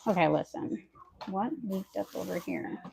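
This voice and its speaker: Indoors at home, a homestead lifestyle vlogger chats casually to camera as she works through her chores, talking aloud to herself and her viewers. Her mid-range, darkish voice has some fry and a moderate pace. A little hiss or hum is audible.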